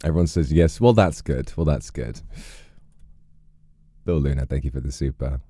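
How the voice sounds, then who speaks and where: A man's voice: extremely low pitch, normal speed, pauses often, dark tone, no echo, clean studio sound. A man streaming, chatting casually with viewers, rambling with lots of fillers and restarts.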